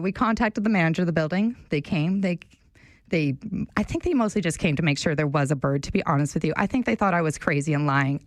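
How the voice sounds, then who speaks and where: A young woman hosting a talk radio show, telling a story in a chatty, animated way. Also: on the low side, no echo. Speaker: radio show fill-in host. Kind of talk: casual talk radio chat.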